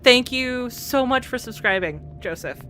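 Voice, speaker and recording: A woman's voice: fairly high pitch, expressive, measured pace, pushed and bright. Woman game streamer, easygoing chat with viewers and herself, bouncy intonation, game music behind. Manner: chatty, talks to herself and the game. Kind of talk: casual let's-play commentary. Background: game music and sounds.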